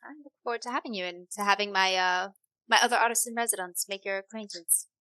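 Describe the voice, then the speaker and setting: Brief: woman voicing a suave patroness, light Scottish lilt, bright and forceful tone, dry sound. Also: mid-range voice, steady tone, fast talker, no room sound, natural voice. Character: poised, seductive woman art patron hosting soirees.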